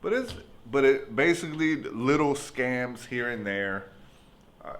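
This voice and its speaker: A man from San Francisco hosting a casual podcast chat, easygoing and profane, often answering with a quick "yeah". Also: mid-range voice, lively intonation, fairly bright tone. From United States, San Francisco. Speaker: podcast host.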